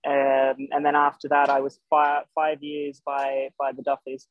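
A young Australian man with an Irish-tinged accent, a showjumping guest chatting casually, halting with many fillers and restarts. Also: medium pitch, completely flat delivery. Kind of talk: casual interview chat. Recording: dull lo-fi podcast sound.

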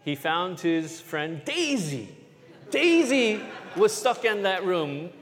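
A pastor telling a children's sermon as an animated story, often checking in with his listeners with "right?". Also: high-pitched, slow pace, in a large hall.

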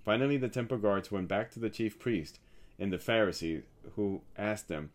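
A man with a fairly low voice reads scripture in a calm, measured delivery. His pacing stays even and deliberate from verse to verse. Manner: measured, steady reading. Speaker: scripture reader. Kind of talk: scripted Bible reading.

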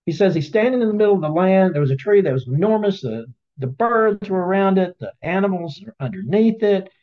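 A man leads a casual Bible study webinar, his voice a bit high and animated, moving a little fast and ranging widely through the story. Along the way he acts out the characters, over dull, lo-fi audio.

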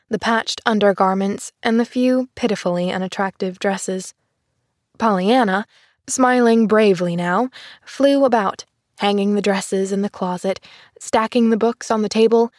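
A woman narrating a classic children's story in a measured, gentle storytelling voice. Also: medium pitch, no room sound, studio quality. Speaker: audiobook narrator.

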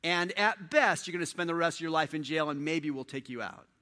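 A man's voice: on the high side, fairly quick, pushed and bright. A man voicing a brash young male zealot who boasts about arresting believers, blustering and indignant. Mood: menacing.

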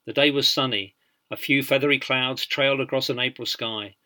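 A man narrating a biography in an audiobook, measured and dryly humorous. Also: mid-range voice, steady tone, bright, forceful tone.

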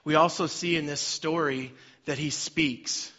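A man's voice: fairly high pitch, fairly even intonation, unhurried. Middle-aged male preacher, storytelling then emphatic, slightly dull recording. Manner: swings from quiet storytelling to loud emphatic preaching. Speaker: pastor. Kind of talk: sermon. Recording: slightly dull sound with faint music behind.

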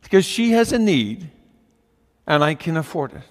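An older man telling a folksy story as part of a homily. His voice sits fairly high, and he talks with asides and fillers. A long reverb rings through the large space. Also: sing-song, moderate pace. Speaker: preacher.

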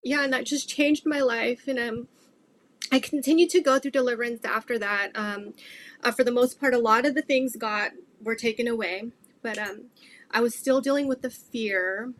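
A woman's voice: a little high, normal speed, fairly bright tone. A middle-aged woman earnestly telling her faith testimony in an interview, rambling with many fillers. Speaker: guest sharing her testimony.

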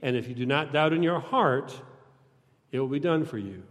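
A male pastor preaching a sermon in a large church, talking conversationally and joking with the congregation, sometimes breaking into shouts. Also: mid-range voice, lively intonation, normal speed. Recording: long church reverb.

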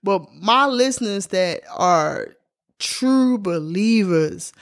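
A woman's voice: medium pitch, animated, takes it slowly. A woman in her forties, a podcast host, candidly telling a personal story to her listeners in a casual, slangy, heartfelt way. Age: 40s.

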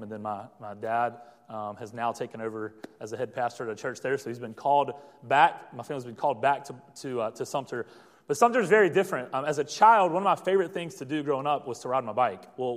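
Young male preacher in a reverberant hall. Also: mid-range voice. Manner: storytelling with many fillers and restarts. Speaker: pastor. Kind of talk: sermon.

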